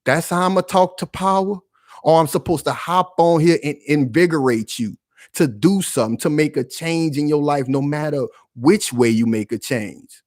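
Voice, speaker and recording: A man's voice: fairly high pitch, moderate pace, dry recording, clean studio sound. A man hosting his own channel, delivering heated, emphatic commentary full of slang and rhetorical questions. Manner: loud, emphatic, confrontational.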